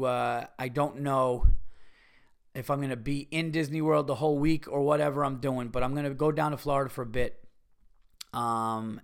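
A man hosting a solo comedy podcast, ranting with heavy profanity about things that annoy him. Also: medium pitch. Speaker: podcast host. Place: home.

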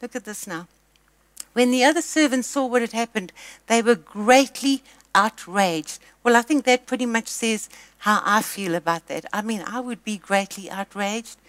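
A woman preaching a sermon, telling a story with emphatic loud peaks and quiet asides. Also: fairly high pitch, moderate pace, no echo.

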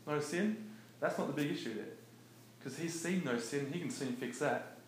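A man giving a casual, animated teaching talk about faith, conversational and laughing often. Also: a little high, moderate pace. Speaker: preacher. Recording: echoey room with faint noise.

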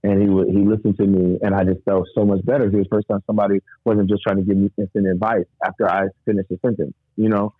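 A man recounts a painful chapter of his life in loose, rambling sentences, slipping into the voices of the people he quotes. His voice sits a little low. The sound is thin and dry, as if heard over a phone line. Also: flat delivery, fast, hardly any pauses, no room sound. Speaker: guest. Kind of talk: emotional personal storytelling.

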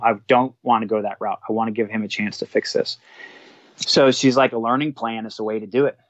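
A man's voice: lowish voice, no room sound, muffled recording. A man, a fire department supervisor, telling a work story in a casual way and acting out the quoted dialogue. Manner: animated, acts out quoted dialogue.

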